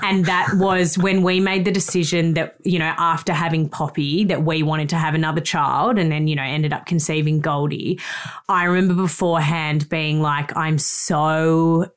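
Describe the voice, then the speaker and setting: A woman co-hosts a casual podcast chat. Her voice sits a little low, and she talks candidly and laughs easily. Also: flat delivery, normal speed. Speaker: podcast co-host.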